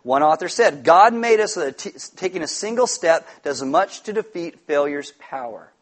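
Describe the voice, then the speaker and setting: A man preaching a sermon, animated and jokey, telling stories with loud shouted impressions. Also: fairly high pitch, moderate pace. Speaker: pastor.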